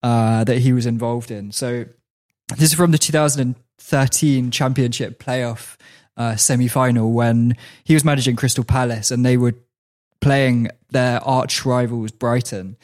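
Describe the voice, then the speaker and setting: A man's voice: medium pitch, steady tone, measured pace, a little mellow. Chatty man telling a story. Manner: storytelling with frequent laughs and restarts. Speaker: podcast host. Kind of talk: casual chat, storytelling.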